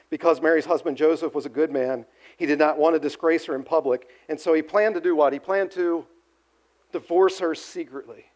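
A pastor preaching a sermon, telling the story animatedly and asking the audience to answer. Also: male voice, a little high. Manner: animated storytelling, acts out quotes, asks the audience.

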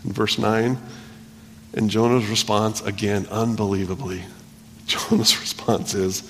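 A man preaching a sermon, earnest and repetitive, swinging between loud emphasis and hushed delivery. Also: lowish voice, fairly even intonation, unhurried, slight background noise. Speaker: pastor. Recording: long hall reverb.

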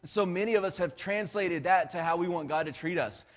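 A male pastor preaching a conversational, animated sermon, with restarts and asides to the congregation. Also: sits high, brisk. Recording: long hall reverb.

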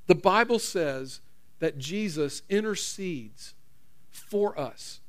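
Man, middle-aged, pastor, high voice, conversational, repetitive, church sermon. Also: expressive, slow pace. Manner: conversational, repeats phrases, questions the audience.

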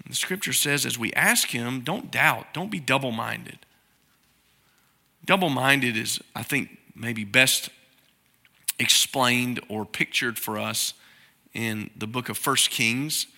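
A middle-aged man preaching a sermon in a conversational way, now and then acting out prayers in a softer, lower voice. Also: takes it slowly, creaky. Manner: conversational preaching, acts out quoted prayers in a soft low voice. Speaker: pastor.

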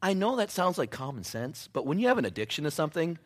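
A man preaching a sermon in a chatty storytelling way, full of "you know" and "like", and dropping to a hush now and then. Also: fairly high pitch, big pitch swings, fast talker. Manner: conversational storytelling with many fillers, sudden drops to a hush.

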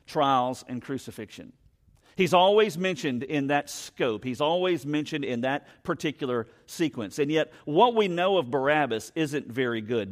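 A man in his forties preaching a sermon, chatting with the congregation and telling a story with plenty of questions to the crowd. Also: fairly high pitch. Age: 40s. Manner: conversational storytelling with audience questions. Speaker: pastor.

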